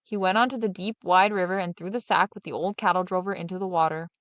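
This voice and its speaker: A woman reading a fairy tale aloud in steady, expressive narration. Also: on the low side, quick pace, no echo. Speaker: storyteller.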